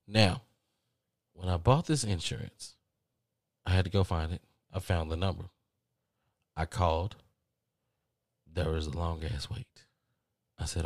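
A man's voice: low voice, dry recording, studio quality. A man from the American South with a Southern accent, telling a comic story and acting out the other people on a phone call. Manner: animated, acts out both sides of a phone call in quick voices. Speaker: podcast host. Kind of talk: comedic storytelling.

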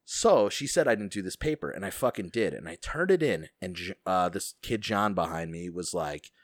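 A man telling stories in a casual chat, profane and animated, acting out the people he quotes. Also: deep voice, moderate pace, dry recording, studio quality. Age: adult, school friend of co-host.

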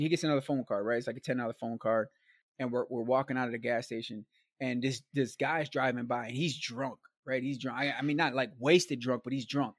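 In a dry, clean studio recording, a man with a mid-range voice tells a long story as a guest. The delivery is casual and rambling yet animated, loaded with slang asides and fillers like "like," "man" and "bro."

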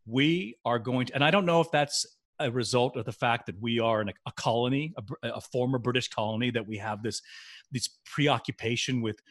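Guy cohosting a podcast, casual chat, gets animated, laughs a lot, normal middle voice. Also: mid-range voice, a little fast. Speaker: podcast co-host.

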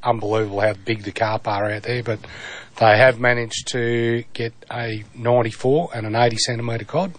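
A man with an Australian accent co-hosting a fishing radio show, relaxed and joking as he passes on reports. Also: medium pitch, moderate pace, few pauses. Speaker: co-host. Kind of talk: casual radio banter.

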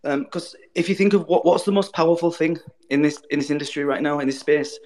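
A man's voice: fairly high pitch, fast talker, a little mellow. A man speaking as a guest in a casual online audio chat, earnest and rambling, swearing now and then.

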